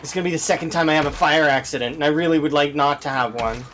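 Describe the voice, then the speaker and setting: A man's voice: fairly high pitch, very fast, fairly bright tone, slight background noise. A man streaming a survival game, talking to himself with exasperated running commentary as he plays. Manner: exasperated, talks to himself while playing. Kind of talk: live gameplay commentary.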